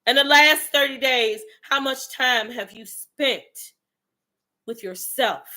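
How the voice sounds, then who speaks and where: A woman's voice: sits high, takes it slowly, bright, forceful tone. A woman giving a fiery motivational monologue, blunt and profane, calling out her listeners directly and preaching tough love. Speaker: motivational speaker.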